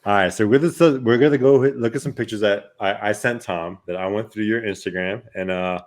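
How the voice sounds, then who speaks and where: Podcast host, man, slightly low voice, playful, loose, profane casual chat. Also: fairly quick, a little mellow.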